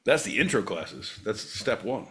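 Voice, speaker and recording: A man's voice: on the low side, sing-song, a little slow, fairly bright tone. A man co-hosting a comedy podcast, theatrical and mock-solemn, slipping into mock-infomercial patter. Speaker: podcast co-host.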